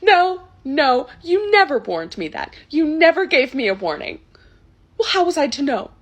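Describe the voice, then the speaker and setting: An entitled middle-aged customer, played by a young woman, who demands everything in a high, swooping voice. She speaks indignantly, stumbling and restarting her sentences as she makes her complaints. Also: big pitch swings, moderate pace.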